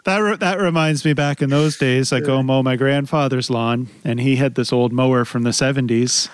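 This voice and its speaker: A man's voice: medium pitch, very noisy. A man co-hosting a podcast, telling a story among friends at an easy pace and laughing as he goes. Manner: unhurried, laughing through the story. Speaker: podcast co-host.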